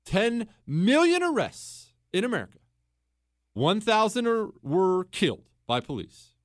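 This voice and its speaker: A man's voice: sits high, very animated, unhurried, no room sound, clean studio sound. A young man hosting a podcast, delivering a political commentary monologue in an emphatic, rhetorical way, repeating words for effect and posing questions to his listeners. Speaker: podcast host.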